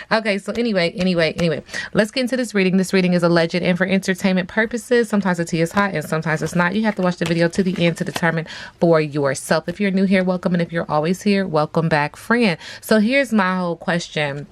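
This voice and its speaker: A woman's voice: fairly low pitch, a little fast, no echo. A woman giving a casual tarot reading, chatty and blunt, with plenty of slang and fillers. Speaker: tarot reader.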